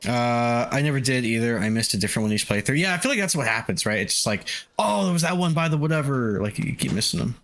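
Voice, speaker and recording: Guy streaming a game, laughs a lot, swears, voice jumps all over, mid pitch. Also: big pitch swings, fast talker, hardly any pauses, fairly bright tone. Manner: swears freely, laughs often, chatty. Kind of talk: casual live-stream commentary.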